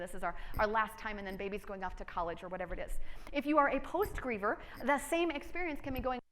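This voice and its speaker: Woman, 40s, workshop presenter, conference talk, bright forceful voice, lively conversational delivery. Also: a little high. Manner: lively, conversational storytelling with asides to the audience. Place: conference room with a seated audience.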